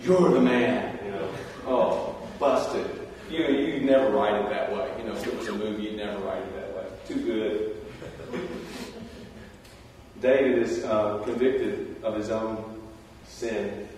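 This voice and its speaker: A man giving a sermon, telling the story in a conversational way with animated asides. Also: fairly low pitch, unhurried, a little hiss or hum. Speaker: preacher. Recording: roomy hall, distant mic.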